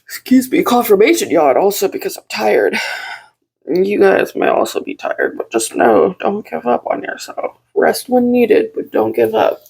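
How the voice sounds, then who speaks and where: A woman in her own room giving a casual, heartfelt channeled message to her viewers as a tarot reader, with lots of fillers and soft giggles. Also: medium pitch, expressive, moderate pace, creaky, slightly rough.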